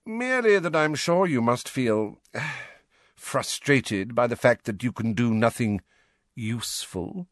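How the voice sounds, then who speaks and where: Audiobook: man reading as a sneering, waspish schoolmaster, quiet and cutting, dry close sound. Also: medium pitch, sing-song, a little slow, dry recording.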